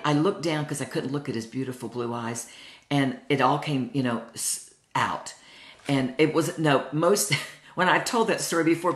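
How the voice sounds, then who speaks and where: A woman in her sixties teaching a Bible study, earnest and heartfelt as she tells personal stories. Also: extremely low pitch. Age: 60s. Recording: roomy echo.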